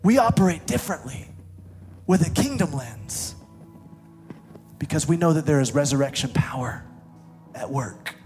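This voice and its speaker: A man preaches to a church and an online audience in a high voice, with faint music underneath. He swings from fervent, near-sung shouts to a soft, prayerful hush as he leads a prayer. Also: expressive, normal speed, pauses often. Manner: impassioned, rising to shouts and dropping to hushed prayer. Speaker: pastor. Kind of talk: sermon. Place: church service streamed online.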